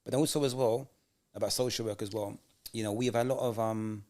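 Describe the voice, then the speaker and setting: A man co-hosting a casual podcast chat, telling animated stories and acting out what people said. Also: on the low side, quick pace. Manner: animated storyteller, acts out quoted voices. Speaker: podcast co-host.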